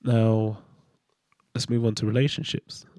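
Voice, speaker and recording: A man's voice: on the low side, steady tone, unhurried, darkish tone, dry recording, studio quality. A middle-aged man speaking a candid, hesitant personal monologue as a podcast host, with fillers and restarts.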